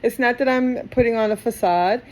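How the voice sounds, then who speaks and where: A woman's voice: a little high, moderate pace. A woman with a New York accent from Queens, giving a chatty, rambling tarot reading to camera. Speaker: tarot reader.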